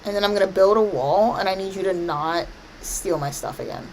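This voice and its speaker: Woman streamer, mid-pitched, chatty gameplay talk, scolds the game in playful fake outrage. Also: brisk, background noise. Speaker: gaming streamer. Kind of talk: casual gameplay commentary.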